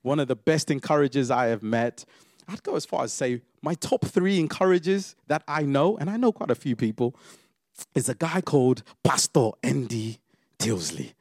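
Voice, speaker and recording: A man preaching a sermon, swinging from loud exclamations to quiet, intimate asides. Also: mid-range voice, lively intonation, moderate pace, dry recording, clean studio sound.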